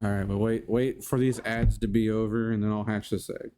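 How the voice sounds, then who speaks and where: A man's voice: on the low side, flat delivery, a little fast, mellow, clear, resonant tone. A man streaming live and hosting his channel, chatting casually in a rambling, goofy way and greeting viewers by name.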